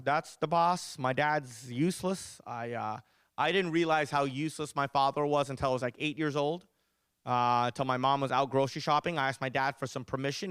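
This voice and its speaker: A man in his thirties doing an animated stand-up set as host of a charity show. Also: a little high, clean tone, dry recording, clean studio sound. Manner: animated, exaggerated storytelling. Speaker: comedian and event host.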